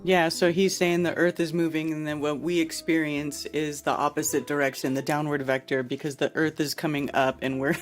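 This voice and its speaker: A woman's voice: sits low, brisk, hardly any pauses, faint music behind. A woman hosting a casual livestream, chatting and reacting with laughs as she comments on a played clip and reads out viewer comments. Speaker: livestream host.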